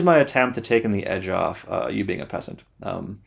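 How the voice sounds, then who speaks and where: A man's voice: lowish voice, animated, normal speed, creaky, few pauses. Blunt, sweary man ranting. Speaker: YouTuber. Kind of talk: sarcastic ranting monologue.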